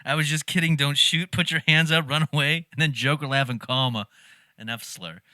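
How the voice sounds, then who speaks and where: A man's voice: fairly high pitch, brisk, dry recording, clean studio sound. A man hosting a reaction video, talking casually with lots of laughter and swearing. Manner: animated, laughs often, swears freely.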